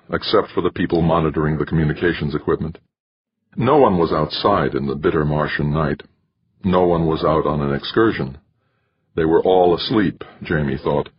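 Deep, raspy male audiobook narrator. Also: highs cut off. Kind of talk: scripted narration.

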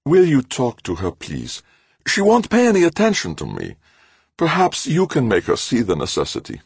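A man's voice: mid-range voice, wildly swooping pitch, moderate pace, gravelly, husky, no room sound, voice pushed up, full character voice. A man voicing a fretful older male professor who pleads anxiously. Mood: pleading.

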